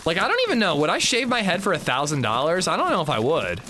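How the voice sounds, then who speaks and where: Over a noisy background, a young man talks quickly in a slightly high, sing-song voice while playing a video game on stream. He's chatty and profane, picking up viewer messages and answering them as he goes.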